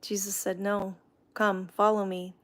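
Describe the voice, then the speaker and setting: A woman's voice: medium pitch, flat delivery, a little slow. A middle-aged woman hosting a casual livestream chat, reading viewer comments aloud and talking about her faith. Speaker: livestream host.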